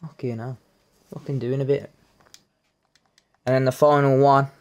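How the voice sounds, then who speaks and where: A man, reacting live as he opens card packs in a game, swearing often and breaking into loud cheers. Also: mid-range voice, unhurried. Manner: excitable, heavy swearing, bursts into loud cheers. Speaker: gamer opening card packs.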